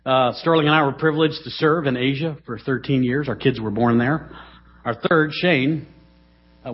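Middle-aged preacher guy, husky, goes loud then hushed, muffled church recording. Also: mid-range voice. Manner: dramatic, swings between loud emphasis and hushed asides. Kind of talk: sermon. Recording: dull, lo-fi sermon recording.

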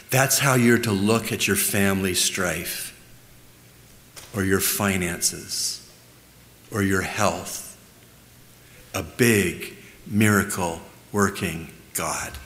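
A male pastor preaching a sermon in a church, with a slow, repetitive cadence that ends in prayer. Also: deep voice, fairly bright tone. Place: church sanctuary. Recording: reverberant church hall.

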